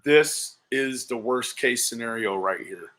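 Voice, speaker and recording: A man doing live-stream commentary, exasperated and swearing, with slow, disbelieving exclamations. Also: medium pitch, fairly bright tone.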